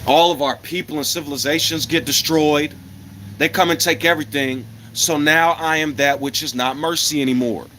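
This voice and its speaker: Speaking in a fairly high, bright and forceful voice with a steady tone and moderate pace, an American man unleashes an angry, profane monologue at his viewers. He is blunt and combative, repeats rhetorical questions, and coughs now and then over slight background noise.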